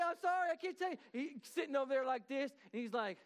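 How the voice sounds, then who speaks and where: High-voiced man preaching a sermon. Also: expressive, fast talker, some chatter behind, a little hiss or hum. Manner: folksy storytelling, acts out dogs and churchgoers. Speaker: pastor. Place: church sanctuary.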